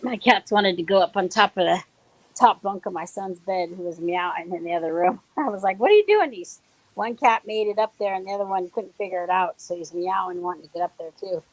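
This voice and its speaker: A woman's voice: fairly low pitch, steady tone, fairly quick, low-quality recording. A woman in a casual live-stream chat over a video call, friendly and laughing often.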